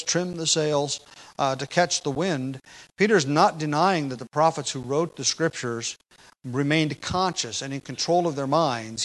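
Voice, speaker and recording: A man's voice: fairly high pitch, rough recording. Man preaching an expository sermon. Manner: rises to loud emphatic delivery when quoting scripture; measured teaching pace with fillers.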